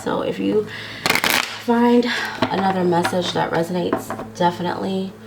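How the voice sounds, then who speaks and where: Heavy background noise surrounds a tarot reader whose low voice has a gravelly quality. Giving her viewers a casual love reading, she chats on, stretches her words, and tags frequent "okay?" check-ins.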